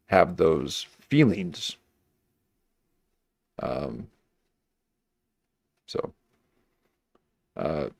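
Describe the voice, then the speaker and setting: Slow, musing man with a low voice. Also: creaky, a little mellow, no room sound. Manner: slow, musing, hesitant with many fillers. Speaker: livestream commentator. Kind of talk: rambling livestream commentary.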